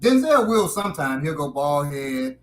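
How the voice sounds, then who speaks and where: A man's voice: fairly high pitch, very animated, normal speed, slight background noise, rough recording. A man in casual podcast banter, joking with frequent stumbling restarts.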